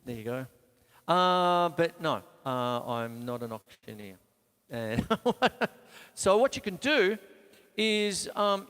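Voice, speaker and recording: A man teaches drums on a live stream, chatty and quick to poke fun at himself. His voice sits a touch high and swings lively as he counts out beats. It rings with a long reverb, and faint music sits underneath. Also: clear, resonant tone. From Australia. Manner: chatty, counts beats aloud, self-mocking asides. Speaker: drum teacher and show host. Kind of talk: live-streamed drum lesson. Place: home studio with drum kit.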